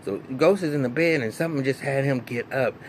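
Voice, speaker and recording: A man, recapping a TV episode in a casual, animated, profane way full of fillers and restarts. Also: medium pitch, brisk, slight background noise. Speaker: TV recap vlogger.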